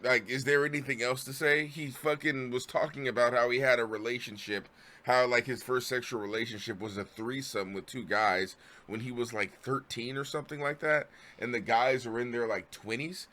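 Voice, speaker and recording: A man's voice: mid-range voice, fairly even intonation, moderate pace, bright, forceful tone. A man streaming his reactions to a video, ranting profanely and sounding exasperated. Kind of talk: live stream commentary.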